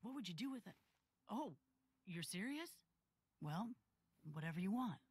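An actress voicing a fast-talking wandering livestock trader in a video game, talking up her goods. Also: medium pitch, very animated, darkish tone, slightly rough, no echo. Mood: salesy. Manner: salesy, talks up her goods.

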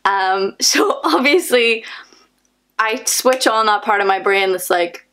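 A woman's voice: medium pitch, slow pace. Chatty Northern Irish young woman. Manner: chatty, animated, many fillers, laughs often. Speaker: vlogger. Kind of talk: casual storytime vlog.

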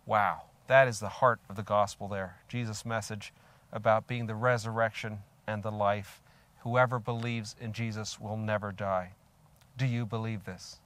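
A man's voice: fairly low pitch, fairly even intonation, moderate pace, fairly bright tone, no room sound. Earnest older man preaching a sermon. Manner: earnest and reflective, asks the listener direct questions; reads scripture aloud with rising emphasis. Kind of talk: sermon on a scripture passage.

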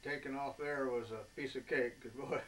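A man in his eighties, a veteran, recalling his wartime years in a folksy, rambling way with many filler pauses. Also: mid-range voice, fairly even intonation, a bit bright. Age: 80s. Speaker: veteran interviewee. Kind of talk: oral history reminiscence. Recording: distant mic with faint background noise.

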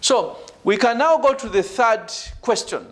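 A man teaching a PhD seminar, stressing key words and checking in with "right?" and "ladies and gentlemen". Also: very high-pitched, animated, a little slow. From Uganda. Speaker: university lecturer. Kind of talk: online PhD seminar lecture.

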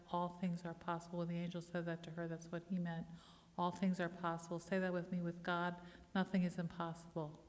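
A woman's voice: fairly low pitch, a little mellow. A middle-aged woman pastor preaching a sermon, telling personal stories and leading the congregation in call-and-response. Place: church sanctuary. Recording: long church reverb.

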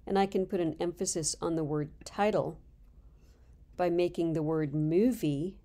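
A woman instructor calmly walking through a software tutorial step by step. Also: on the low side, normal speed. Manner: calm step-by-step explaining. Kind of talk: screen-recorded software tutorial.

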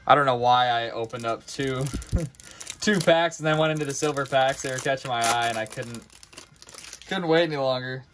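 A man's voice: mid-range voice, moderate pace, fairly bright tone, slight background noise. Man rattling off cards, casual break host. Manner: rattles off card names, stumbles and restarts words. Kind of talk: casual live card break commentary.

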